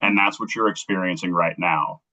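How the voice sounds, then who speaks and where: A man's voice: deep voice, steady tone, moderate pace, pushed and bright, rough recording. A middle-aged man, an interview guest, earnestly telling a personal story on a livestream and acting out remembered dialogue.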